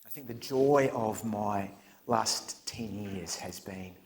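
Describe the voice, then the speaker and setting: A man in middle age delivers a sermon at a church camp in a somewhat low voice. He tells stories with big, excited punchlines, dips into hushed asides, and laughs along with his own jokes. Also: slow. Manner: animated storyteller, laughs at his own jokes, drops to whispers. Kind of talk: storytelling sermon. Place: church camp meeting hall.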